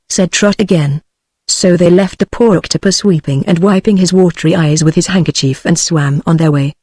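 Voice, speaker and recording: A woman's voice: lowish voice, normal speed, dry recording. Synthetic British woman narrator. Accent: British English. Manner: even, synthetic reading. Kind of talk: text-to-speech audiobook narration.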